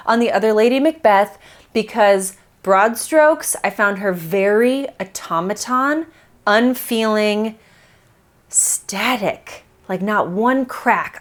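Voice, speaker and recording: Woman vlogger, casual film reviewer, animated delivery, quick to laugh, slips into little character voices, close-miked. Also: mid-range voice. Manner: animated, laughs often, acts out quotes.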